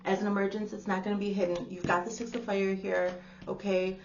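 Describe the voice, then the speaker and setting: A woman's voice: mid-range voice, flat delivery, a little fast, creaky, highs cut off, a little hiss or hum. A woman giving a casual spiritual tarot reading to the camera. She talks in a chatty, exclaiming way and calls the listener darling. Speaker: tarot reader.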